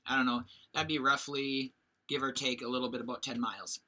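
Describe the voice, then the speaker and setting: A man's voice: mid-range voice, steady tone, fairly quick, bright, forceful tone. A male teacher giving a casual, rambling recorded history lecture over slides, full of fillers and restarts.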